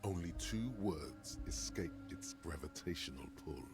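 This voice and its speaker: A sardonic inner voice of a troubled man, as a streamer puts it on. It rumbles extremely low, dramatic and mocking, narrating every thought. Clear game music runs underneath. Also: expressive, measured pace, exaggerated voice. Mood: ominous.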